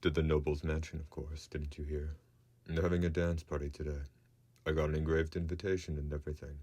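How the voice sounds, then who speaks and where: A man's voice: rumbling low, flat delivery, a little fast, darkish tone. A man voicing a wry male vampire hunter who talks in a laid-back, dry drawl.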